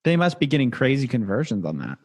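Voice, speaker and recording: A man hosting a casual conversation, chipping in with quick questions. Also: mid-range voice, huge pitch swings. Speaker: host.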